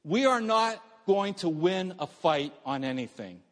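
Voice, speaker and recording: Male pastor, high voice, dynamic sermon delivery, church hall with long reverb. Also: expressive, unhurried. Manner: dynamic preaching, swings from raised to hushed.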